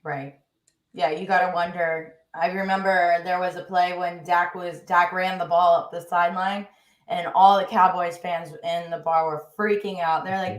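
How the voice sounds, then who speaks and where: A woman's voice: fairly low pitch, little pitch movement, normal speed. A woman co-hosting a sports podcast, chatting casually and agreeably. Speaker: podcast co-host. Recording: echoey room.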